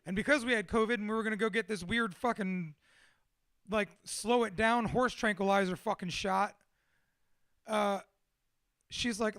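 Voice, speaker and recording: Guy in his 30s swearing nonstop while he rambles about his life, really high bright voice, dry close sound. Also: fairly even intonation, normal speed, pauses often, dry recording. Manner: profane, rambling and self-deprecating. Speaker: motivational speaker. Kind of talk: candid personal monologue.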